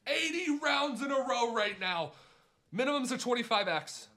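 A young man giving excitable live commentary on his own gambling rounds, swinging between mutters and outbursts. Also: very high voice, moderate pace. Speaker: gambling streamer.

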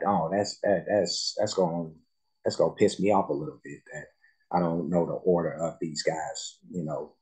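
Low-voiced man hosting a reaction. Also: rough recording. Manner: soft-spoken, halting, thinking aloud. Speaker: music reaction host. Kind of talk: casual reaction commentary.

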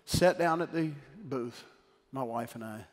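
A middle-aged man preaching a sermon as pastor, shifting from emphatic exhortation to quiet, tender storytelling. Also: mid-range voice, unhurried. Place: church sanctuary. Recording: hall reverb with faint music.

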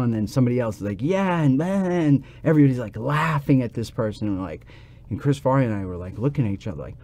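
Man, podcast guest, mellow warm voice, animated storytelling, acts out quoted voices. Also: mid-range voice, a little hiss or hum.

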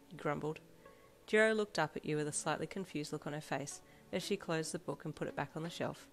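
A woman reading a fanfiction story aloud in the second person, calm and even, as a storyteller. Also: low voice, fairly quick. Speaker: fanfiction reader. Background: soft backing music.

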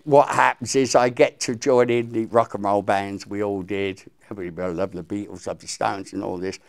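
An older man from England telling stories from his career as a musician in an interview, acting out the quotes. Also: lowish voice. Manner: animated storyteller, acts out quotes. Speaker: guest musician. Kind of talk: storytelling interview.

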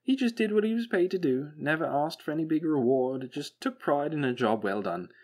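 A man voicing a manic, chattering male robot who rambles flippantly and bitterly, jumping high in pitch when excited. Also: fairly quick. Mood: mock storytelling. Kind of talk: audiobook character voice.

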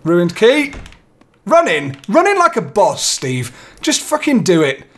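A man's voice: high voice, wildly swooping pitch, slow, fairly bright tone. A young man playing a horror game, nervously talking himself through it and swearing now and then. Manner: jittery, talks himself through fear, swears. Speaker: let's play gamer.

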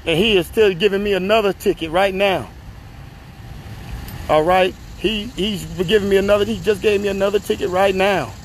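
A high-voiced man rants into his phone out on a street, upset and close to tears. He keeps repeating himself and swears a lot, climbing toward shouting. Faint street noise sits behind him. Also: steady tone, normal speed. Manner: distressed, repetitive, profane, rising to shouting. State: tearful and agitated. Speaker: upset citizen filming himself. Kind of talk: emotional phone video rant. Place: outdoors on a street by a car.

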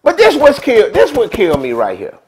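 A man's voice: extremely high pitch, wildly swooping pitch, fairly quick, breathy edge, low-quality recording. A man who hosts a vlog, telling stories in chatty, streetwise commentary. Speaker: vlog host. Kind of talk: casual storytelling commentary.

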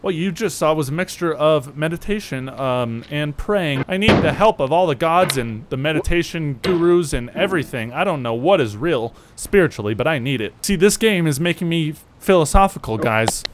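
A man doing let's play commentary, exaggerated and sarcastic, breaking into loud yells. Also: a little high, animated, normal speed, few pauses, slight background noise. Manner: exaggerated, sarcastic, bursts into yelling. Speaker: gaming YouTuber.

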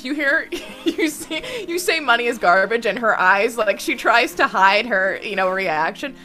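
A woman's voice: fairly high pitch, expressive, unhurried, pushed and bright, soft background music. A woman player describing her character's actions in a tabletop game, giggly and descriptive. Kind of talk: tabletop role-play narration.

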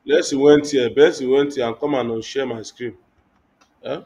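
Halting man teaching code. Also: mid-range voice, steady tone, mellow, rough recording. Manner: halting, thinks aloud with many restarts and fillers. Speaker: web development instructor. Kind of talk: live online coding class.

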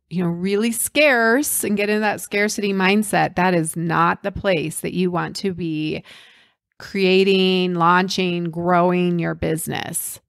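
A woman's voice: medium pitch, no echo, studio quality. A woman hosting a business podcast, giving an encouraging coaching introduction to the episode.

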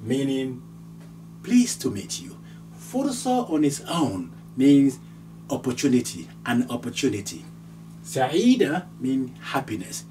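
Male teacher, slow careful delivery, lively pitch, distant mic, faint hum. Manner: repeats words slowly and carefully, switching between languages. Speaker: Arabic teacher. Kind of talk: slow, patient language lesson.

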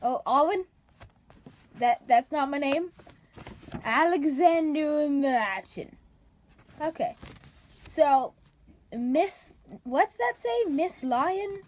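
A woman with a high voice reads feedback aloud in a comedy vlog, dry and sarcastic. She takes her time, lingering over each misspelled word as she sounds it out. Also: lively intonation, drawn-out words, pauses often, darkish tone, slight background noise. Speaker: comedy vlogger.

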